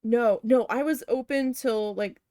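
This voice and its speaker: A woman's voice: fairly high pitch, a little slow, dark tone, no room sound, clean studio sound. A woman chatting casually while she paints, telling a long, candid, profane story with rambling self-corrections. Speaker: art vlogger recalling a retail cashier job.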